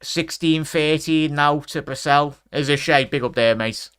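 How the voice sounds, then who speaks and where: A man, chatting to his live chat during a football watchalong and breaking into excited shouts at big chances. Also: fairly high pitch, unhurried, clean tone, dry recording, studio quality. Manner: talks straight to his chat. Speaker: watchalong streamer.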